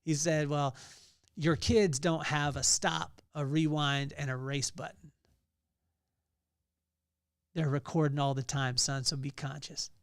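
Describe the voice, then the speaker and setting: A man's voice: a little high, fairly even intonation, measured pace, long pauses, no room sound, clean studio sound. A middle-aged man hosting a podcast, giving a motivational talk on leadership that draws on scripture and repeats key phrases for emphasis. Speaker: podcast host.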